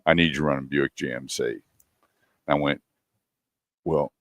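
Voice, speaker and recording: A man's voice: extremely low pitch, fairly even intonation, moderate pace, no echo, highs cut off. A man hosting a radio talk show, telling a long story in a casual way and acting out the dialogue of the people in it. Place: radio studio.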